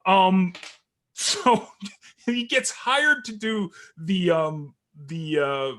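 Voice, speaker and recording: A man chats on a sports podcast, his voice set a little high and very bright and forceful. He tells stories with lively energy and breaks into laughter often. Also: extremely slow. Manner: animated storyteller, laughs often. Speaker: co-host. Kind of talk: casual sports podcast chat.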